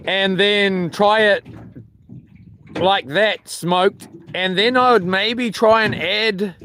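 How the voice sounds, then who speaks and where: A man's voice: high voice, fairly bright tone, slight background noise. A man, rambling and joking to his live chat from a small boat while fishing, with lots of ums. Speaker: fishing livestreamer.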